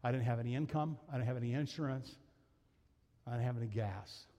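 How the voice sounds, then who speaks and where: A man's voice: mid-range voice, fast, dark tone, long reverb tail. A man preaching a sermon as pastor, telling personal stories in a conversational, self-deprecating way, laughing often. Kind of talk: sermon storytelling. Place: church sanctuary.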